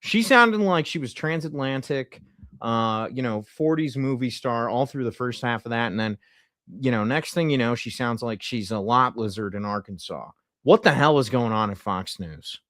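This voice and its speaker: A tired man streaming political commentary, talking in deadpan sarcasm as a mock insider. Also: mid-range voice, normal speed, no room sound, clean studio sound.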